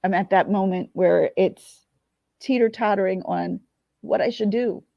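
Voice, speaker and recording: In a gravelly, medium-pitched voice and at a measured pace, a woman in her forties opens up to the camera as a vlogger, sometimes teary and cursing freely. The confessional talk is emotional, recorded without echo, and the audio sounds dull.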